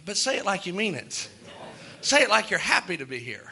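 A man's voice: high voice, big pitch swings, moderate pace, vocal fry, bright, forceful tone. A man preaching a sermon from the pulpit, earnest and plain-spoken, rising to fervent outbursts. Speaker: pastor.

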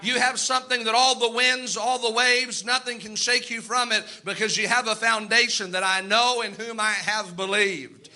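A man's voice: very high-pitched, fairly even intonation, normal speed, hardly any pauses, bright, forceful tone. A male pastor preaching a sermon, repeating lines for emphasis and calling out amens.

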